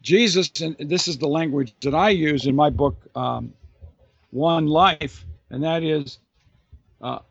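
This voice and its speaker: Earnest man, slightly high voice. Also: slow, creaky, no echo, dull audio. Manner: earnest, emphatic, with frequent restarts and repeated phrases. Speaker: author and Bible teacher answering a listener's question. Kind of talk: thoughtful unscripted explanation.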